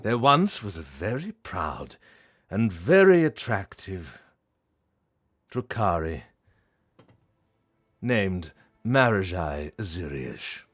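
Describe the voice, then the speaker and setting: Man doing a sinister dark-elf narrator, gravelly, husky, drawn-out and theatrical, pitch swinging wildly. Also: sing-song, heavily acted. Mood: mock-grand. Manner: slow, theatrical, mocking. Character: vain sinister male dark-elf storyteller.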